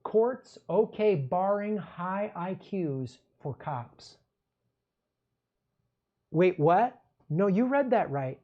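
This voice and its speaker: A man's voice: high voice, expressive, very slow, pauses often, dull audio. A man hosting a political commentary show, ranting in an angry, sarcastic and profane way.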